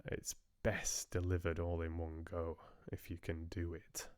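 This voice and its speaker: A man's voice: low voice, monotone, measured pace, a little mellow, no room sound, studio quality. A male audiobook narrator hosting a live stream, chatting casually with viewers in a rambling, hesitant way and often restarting his sentences.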